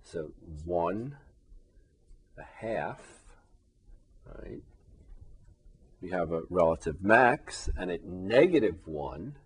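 A man's voice: low voice, lively intonation, drawn-out words, pauses often, husky. A man teaching calculus to a class at the board, often asking the students "right?" and "all right?" as he works through the example. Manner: checks in often with rhetorical questions; moves about the board, voice fading as he turns away. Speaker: math teacher. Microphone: camera in the room.

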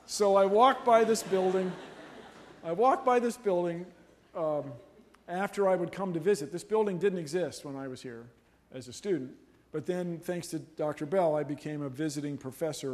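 A middle-aged man giving a humorous university lecture in a lecture hall, animated and jokey. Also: a little high. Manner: animated, jokey, playful voices and laughs. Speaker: guest lecturer.

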